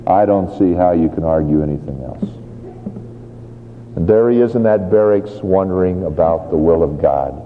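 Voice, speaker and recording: A man preaching a sermon, telling a Bible story with lively, acted-out scenes. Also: low voice, moderate pace, a little hiss or hum. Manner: animated storytelling, acts out scenes. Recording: tinny phone-like sound in a reverberant hall.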